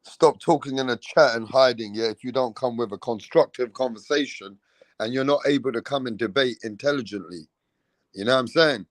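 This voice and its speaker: A man's voice: medium pitch, no room sound. A British man hosting a casual chat, swearing freely and talking with animation. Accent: British English. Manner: swears freely, animated, mimics other accents. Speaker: host.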